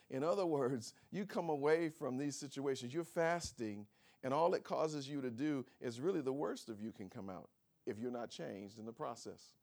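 A man preaching a sermon, asking rhetorical questions, calling for amens and chuckling between points. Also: fairly high pitch. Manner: swings from soft to shouting, rhetorical questions.

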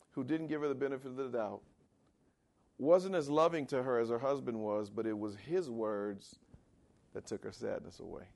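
A man preaching a sermon in a conversational style, asking for amens and swinging between loud and quiet. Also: gravelly. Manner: dramatic swings in pitch and volume. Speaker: pastor.

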